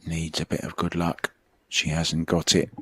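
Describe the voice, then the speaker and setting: A man's voice: extremely low pitch, monotone, a little slow, bright, forceful tone, slightly rough, dry recording. A middle-aged man, commentating on a pool match in a chatty, reminiscing way. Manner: chatty, reminiscing between shots.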